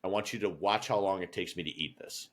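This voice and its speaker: A man's voice: low voice, quick pace. A young adult man co-hosting a podcast, telling a story in casual chat and laughing through it. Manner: animated storyteller, laughs through his anecdotes. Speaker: podcast co-host.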